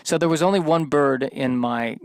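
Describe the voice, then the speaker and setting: Man, solo podcast host, rambling monologue, self-deprecating, fairly high voice, dry close sound. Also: normal speed, dry recording. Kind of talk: stream-of-consciousness solo monologue.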